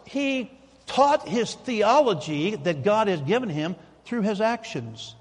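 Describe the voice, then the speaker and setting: A man's voice: sits high, very animated, a little slow, slightly rough. A man preaching a sermon in a folksy, emphatic way, repeating his key phrases, in a church sanctuary. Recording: long hall reverb.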